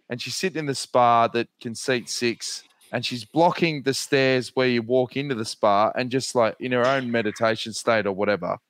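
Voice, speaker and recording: An Australian man co-hosting a podcast, telling a story in a casual, swearing, animated way. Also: mid-range voice, clean tone, dry recording. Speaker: podcast co-host.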